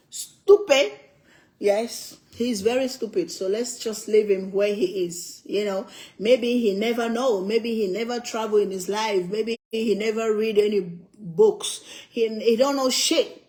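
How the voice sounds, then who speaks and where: An older woman from Africa talks casually as she eats, pressing her points through repetition. Her voice sits a little high, and she laughs often as she talks. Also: darkish tone, rough recording. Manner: emphatic, repeats herself, laughs often. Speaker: cooking vlogger. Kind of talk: casual chat while eating.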